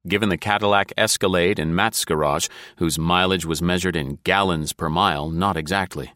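A man narrating a suspense novel in a steady, measured audiobook reading. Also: low-pitched, no room sound, clean studio sound. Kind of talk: scripted narration.

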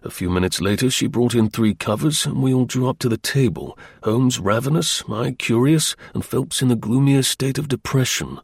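A man reading an audiobook narration in a steady, even storytelling manner. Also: medium pitch, normal speed, gravelly, hardly any pauses, breathy edge, no echo, clean studio sound.

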